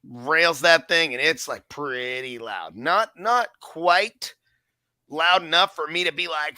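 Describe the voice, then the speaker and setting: A man tells stories in a loose podcast chat, cursing freely and playing out each line of dialogue himself. His voice is very bright and forceful, and the recording is dry, with almost no room sound. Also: a little high, measured pace, dry recording. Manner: profane, animated storyteller who acts out his own quotes. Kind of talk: casual storytelling chat.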